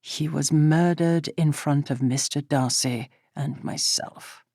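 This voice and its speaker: A woman voicing a stern, suspicious gentleman who speaks bluntly and accusingly. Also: sits low, steady tone, slow, no room sound, studio quality, full character voice. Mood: accusatory.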